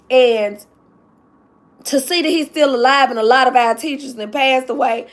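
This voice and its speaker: A woman's voice: sits high, normal speed, fairly bright tone. A woman vlogger telling a story to her viewers, tearful and laughing through tears. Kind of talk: emotional story time to viewers.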